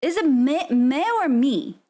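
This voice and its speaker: A woman hosting a casual live stream, her voice high and bright in pitch. She talks in an unhurried, drawn-out way, giggling often and playfully sounding out words as she chats. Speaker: streamer host.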